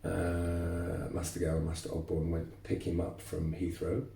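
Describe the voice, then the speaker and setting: A man, telling lively stories as a martial arts instructor guest, repeating words as he goes. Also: deep voice, moderate pace, gravelly, recorded from a distance, a little hiss or hum. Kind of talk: casual interview storytelling. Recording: roomy echo, voice off-mic.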